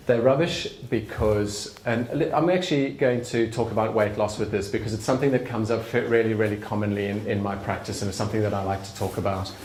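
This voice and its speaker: A middle-aged man talks quickly and almost without pauses, his lowish voice steady and darkish. It's an earnest, conversational talk at an evening event in a bar's function room, recorded with roomy venue acoustics and slight background noise.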